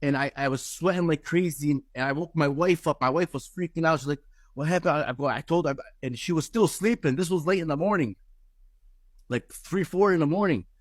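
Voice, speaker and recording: Intense, halting man with a higher voice. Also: dry recording. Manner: intense, halting, searching for words. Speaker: person giving a religious testimony. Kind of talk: emotional personal testimony.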